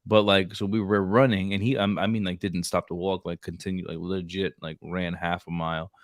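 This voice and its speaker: A man's voice: sits low, little pitch movement, a little fast, no echo, studio quality. A man in his thirties co-hosting a casual chat, telling stories loosely with lots of "like" and "bro". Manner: storytelling, says "like" and "bro" a lot. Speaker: podcast co-host.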